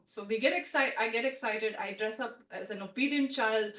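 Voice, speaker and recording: A woman telling a personal story at a live story swap, chatty and animated, full of "like" and "you know". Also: fairly high pitch, normal speed, hardly any pauses. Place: storytelling event room with a live audience. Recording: roomy sound from a distant mic.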